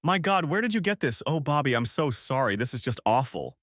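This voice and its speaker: A man's voice: mid-range voice, very animated, brisk, a bit bright, dry recording, clean studio sound. A man voicing an adult wife who stammers defensively and pleads through tears. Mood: tearful. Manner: stammering, defensive then sobbing.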